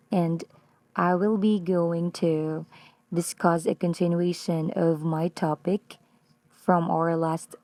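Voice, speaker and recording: A woman with a Filipino accent reading a prepared lesson on poetry, slow and careful. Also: lowish voice, mellow, dry recording. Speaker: student presenter.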